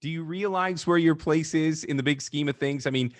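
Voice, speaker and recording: A man's voice: fairly high pitch, brisk, no echo. A man hosting an interview, asking questions and telling stories with enthusiasm. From Canada. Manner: enthusiastic, animated storyteller. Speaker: podcast host. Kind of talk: interview host.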